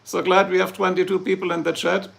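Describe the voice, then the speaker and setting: With a German accent, a man from Germany hosts a casual livestream, joking and rambling as he answers what viewers write. He speaks at a quick pace in a high-pitched, gravelly, slightly bright voice with little pitch movement.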